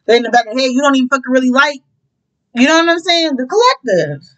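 High-voiced profane woman reading tarot. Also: fast talker, dull audio. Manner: profane, animated, breaks into song. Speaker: tarot reader. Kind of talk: casual tarot reading with singing.

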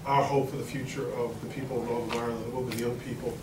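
A man's voice: mid-range voice, level tone, very fast, heavy background noise. Man, Queens New York accent, rambling folksy speech, echoey hall, heard from far off. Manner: rambling, folksy, with many fillers and restarts. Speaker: congressman speaking at a forum. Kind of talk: informal speech to an audience. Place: large event hall with an audience.

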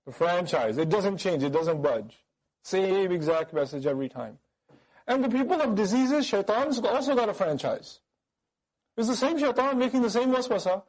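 A man giving a lively Quran commentary lecture, firing off rhetorical questions and mimicking critics. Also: high-pitched, normal speed, low-quality recording. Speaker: Quran teacher. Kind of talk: sermon-style Quran commentary.

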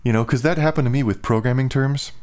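This musician and vlogger is a young man with a smooth, slightly mellow mid-range voice, talking fast. He rambles casually through his vlog, words a bit slurred, leaning heavily on the filler "like."

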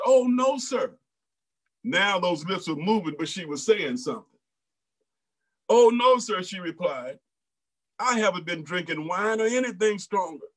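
A man's voice: high-pitched, low-quality recording. A male pastor preaching a sermon with repeats and exclamations, acting out voices in quoted lines. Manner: preaching in a folksy Black church style, with repeats and exclamations.

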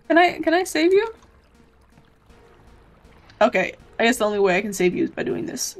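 A woman streaming a video game, reacting loudly and excitably, swearing freely and calling out "bro" while game music plays behind her. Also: sits high, normal speed, long pauses. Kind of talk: gameplay commentary.

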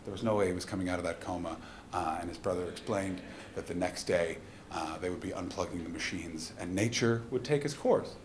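Guy doing standup live, goes quiet and somber then loud on punchlines, echoey room, crowd noise behind. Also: low-pitched, a little fast. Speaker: stand-up comedian. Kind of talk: stand-up set. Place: live comedy venue at a festival. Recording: roomy live venue with audience noise.

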